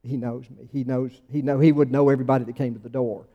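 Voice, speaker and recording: A man's voice: medium pitch, level tone, quick pace, muffled recording. A man preaching a sermon in a conversational, emphatic way, with sudden rising bursts. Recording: long church reverb.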